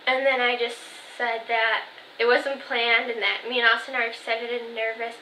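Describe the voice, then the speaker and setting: A twenty-year-old woman chats to camera in a bright, sharp-toned voice that sits a little high. She rambles through a story with plenty of "like" and "um" fillers. The room around her is echoey. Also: little pitch movement, moderate pace, a little hiss or hum. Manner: chatty storytelling, full of "like" and "um", quoting family texts. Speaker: vlogger. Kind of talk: casual chat to camera.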